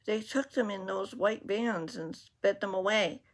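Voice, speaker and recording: A woman's voice: mid-range voice, unhurried, natural voice. A woman voicing a wary, stubborn little boy lost in the woods, reading a storybook aloud. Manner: wary, guarded.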